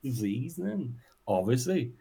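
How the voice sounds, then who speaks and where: A man's voice: medium pitch, big pitch swings, slow pace, vocal fry, mellow, slightly rough. A young man with a Northern Irish accent, co-hosting a podcast in rambling, swearing casual chat with mock rants. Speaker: podcast co-host.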